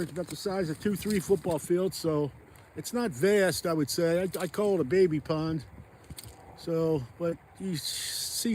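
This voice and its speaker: Guy rambling to his phone while ice fishing outside, bit of background hiss. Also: on the high side. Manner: rambling, thinking out loud. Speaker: fishing vlogger. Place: outdoors on a frozen pond. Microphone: phone camera.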